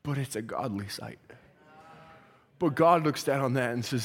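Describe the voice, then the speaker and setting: A man preaching a folksy sermon in church, building from a conversational tone to fervent, near-shouted exhortation. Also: mid-range voice, animated, moderate pace, long pauses, slightly rough.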